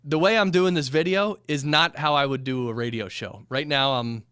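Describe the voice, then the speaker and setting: A man's voice: on the high side, normal speed, fairly bright tone, smooth, no echo. A man who runs a recording studio explains microphone technique in a loose, rambling talk to camera, with fillers, restarts and moments of moving toward and away from the mic. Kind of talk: casual instructional talk to camera. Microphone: studio microphone at a few inches, sometimes pulled far off.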